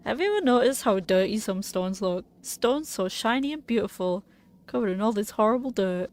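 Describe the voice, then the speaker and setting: Woman reading as a hushed, curious male game character. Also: mid-range voice, expressive, moderate pace, close to an everyday voice. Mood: puzzled. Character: curious excitable male game character fussing over dirty stones. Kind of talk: reading game dialogue aloud.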